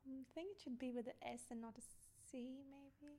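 Young woman guest, high voice, hesitant soft-spoken delivery, easy laughter. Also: steady tone, fairly quick. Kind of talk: casual chat.

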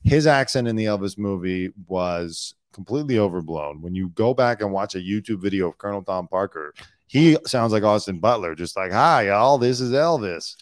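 A man's voice: deep voice, lively intonation, brisk, no room sound, studio quality. A middle-aged man co-hosting a casual chat, talking bluntly and sarcastically with plenty of swearing. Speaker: co-host, former celebrity news producer.

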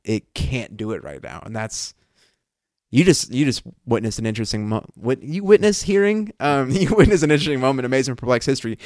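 A man co-hosting a casual Bible discussion podcast. He talks at a middling pitch, thinking aloud in halting bursts with frequent restarts. The sound is dry and close, with little room echo. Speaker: podcast co-host.

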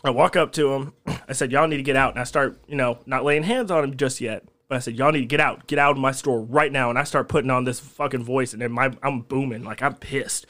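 A man, a podcast guest telling a long story in casual chat, animated and profane. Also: mid-range voice, a little fast. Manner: animated, profane storyteller who laughs at his own tales.

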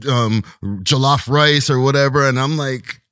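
A man in his forties with a Toronto accent, talking easily as a podcast guest. His voice sits at a middling pitch, and the recording is close and dry. He drifts through relaxed slang and keeps checking in with his listener. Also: unhurried, clean tone, no room sound. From Toronto, Canada. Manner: laid-back street slang, often says "you know what I'm saying". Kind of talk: casual conversation.

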